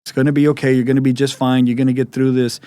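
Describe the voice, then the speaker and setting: Male talk-show host, storytelling manner, mid-pitched, dry close sound. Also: rapid-fire, clear, resonant tone, dry recording. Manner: animated storyteller, many restarts. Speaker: podcast host. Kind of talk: conversational interview.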